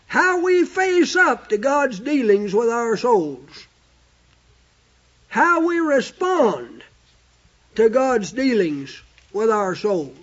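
High-voiced slow preacher, lo-fi. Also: male voice, sing-song. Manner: emphatic, drawn-out scripture quoting. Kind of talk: sermon. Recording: dull lo-fi recording.

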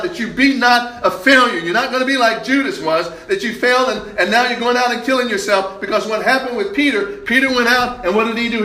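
A man preaching a sermon, his voice pitched high and bright. He presses key points with rising emphasis and pauses. The sound rings around an echoey church room.

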